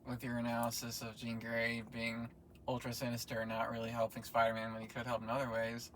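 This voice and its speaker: A man's voice: mid-range voice, completely flat delivery, a little fast, fairly bright tone, a little hiss or hum. A man in casual chat, co-hosting and teasing his partner with jokes. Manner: teasing, joking. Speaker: co-host.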